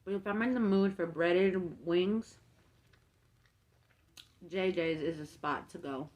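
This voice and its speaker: A woman's voice: fairly low pitch, slow, lo-fi sound. Young woman rambling thru a storytime while eating, lots of "like", acts out everyone she quotes. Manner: chatty, filler-heavy, acts out quoted people. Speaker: mukbang vlogger.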